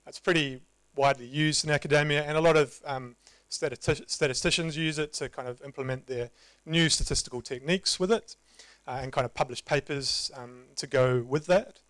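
A man with a New Zealand accent giving a relaxed, conversational conference talk with self-deprecating humor. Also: a little high, normal speed, no echo, rough recording. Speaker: conference presenter. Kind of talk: casual live tech talk. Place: meetup presentation room.

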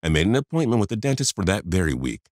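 A man's voice: deep voice, sing-song, fast talker, a little mellow, no room sound, clean studio sound. A man in his fifties narrating a first-person story, confiding and talking straight to the listener.

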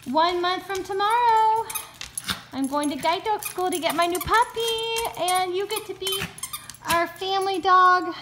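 A woman with a high voice chats to her dogs at home in a sing-song, cooing way. It is relaxed vlog talk with a faint hiss of background noise behind her. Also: a little slow. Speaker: vlogger with a guide dog.

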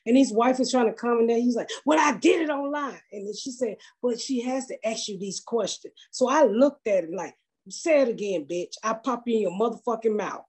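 A woman with a husky, slightly high voice tells a story in casual podcast chat. She is blunt, profane and animated. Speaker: comedian, podcast guest.

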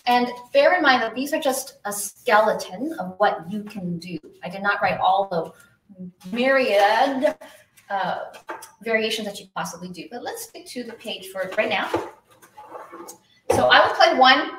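A woman's voice: medium pitch, expressive, moderate pace, distant mic. A woman hosting a live online violin lesson, chatty and upbeat, greeting viewers by name as she reads their questions from the chat. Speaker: violin teacher hosting a livestream. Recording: echoey room, voice from off the mic, faint hiss.

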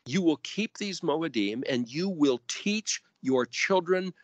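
A man teaching scripture verse by verse, spelling out Hebrew letters and word roots deliberately and rising sharply when stressing commands. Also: a little high, expressive, dry recording. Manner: emphatic rises on commands. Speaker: Bible teacher.

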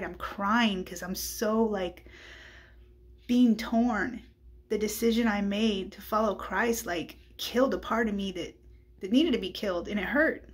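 A woman tells a personal faith testimony in a candid, conversational voice. Her pitch sits in the middle of the range. She talks casually and keeps turning to the listener with asides like "right?". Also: breathy edge. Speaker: speaker giving a Christian testimony.

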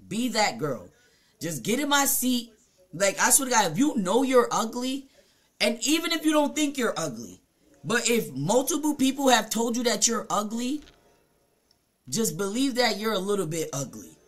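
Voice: mid-range voice, a bit bright. Blunt, profane Jamaican storyteller. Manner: profane, blunt, rambling with frequent fillers; mimics other people in short quoted asides. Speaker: streamer. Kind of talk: casual storytime rant.

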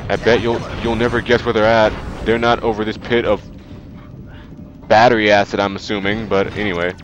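This let's play commentator, a man with a stuffy nose, speaks fairly quickly in a lowish, flat voice, rambling casually with lots of fillers. Faint game music plays under a dull, lo-fi recording.

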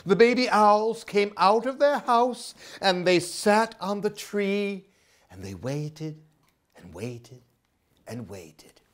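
A woman librarian reading a picture book aloud at a children's storytime, in an expressive, animated voice. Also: mid-range voice, slow pace.

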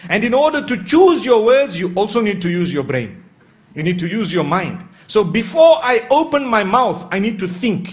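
A man preaching a sermon, measured and posing rhetorical questions he then answers. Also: sits high, very animated. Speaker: Islamic preacher. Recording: dull lo-fi recording.

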